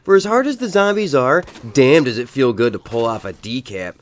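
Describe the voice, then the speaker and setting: A man's voice: medium pitch, moderate pace. A man giving a comedic, profane game review voice-over. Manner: profane, animated.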